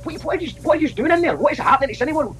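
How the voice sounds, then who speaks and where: A man's voice: extremely high pitch, expressive, very fast, fairly bright tone, a little hiss or hum, rough recording. A man making a comic complaint call, exasperated and ranting, repeating himself. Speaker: caller.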